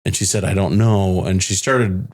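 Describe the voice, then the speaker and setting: A bereaved father, a podcast guest, recounting a hard personal story in a halting way with many restarts. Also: low voice, fairly even intonation, a little mellow. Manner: halting, restarts often, quotes others' words. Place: home in the Phoenix area.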